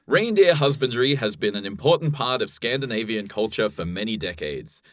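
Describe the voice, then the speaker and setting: A man's voice: mid-range voice, expressive, fairly quick, fairly bright tone, dry recording, clean studio sound. A young Australian man co-hosting a comedy podcast, playful and rambling, laughing often. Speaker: co-host. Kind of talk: improvised comedy podcast chat.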